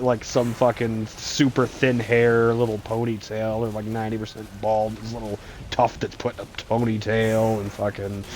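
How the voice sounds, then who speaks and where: Male game streamer, casual rambling storyteller, heavy profanity, frequent laughter, mid pitch. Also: slight background noise. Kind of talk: casual storytelling while gaming.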